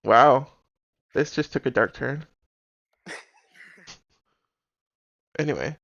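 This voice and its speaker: A man's voice: medium pitch, slow pace, gravelly, fairly bright tone, dull audio. A Canadian man chatting casually and telling a story on a livestream, laughing often and mocking himself. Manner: giggly, self-deprecating. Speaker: streamer, storyteller. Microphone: own stream mic.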